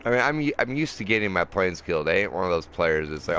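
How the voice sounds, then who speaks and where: Over background game sounds, a gamer with a low voice talks fast and animatedly while playing a flight combat game. His commentary is casual and profane, wandering off topic and full of laughter.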